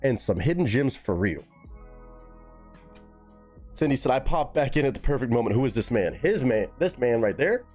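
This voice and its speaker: A young man hosting a live music reaction stream, talking casually and excitedly to his chat with plenty of swearing. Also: medium pitch, moderate pace, pauses often. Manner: excitable, profane, talks straight to chat.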